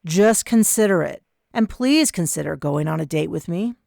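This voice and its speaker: Woman reading a gentle, formal man. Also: on the low side, animated, normal speed, creaky, dry recording, studio quality. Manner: gentle, pleading.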